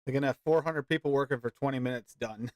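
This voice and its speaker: A man joining a casual live chat who keeps throwing in quick jokes. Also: medium pitch, a little mellow, no echo, studio quality.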